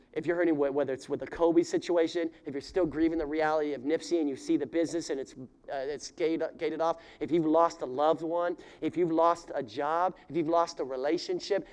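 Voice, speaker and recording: A pastor preaching to his congregation in a high, bright voice. He speaks to the room directly and acts out heartfelt prayers that climb into pleading cries. He then drops back to soft, earnest appeals. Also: clear, resonant tone. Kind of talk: sermon.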